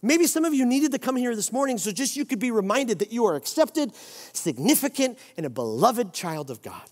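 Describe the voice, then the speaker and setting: Man preaching, lively, in a reverberant hall. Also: very high-pitched, brisk. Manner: emphatic preaching with repeated declarations. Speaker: pastor. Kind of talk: sermon. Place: church sanctuary. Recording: long reverb of a church hall.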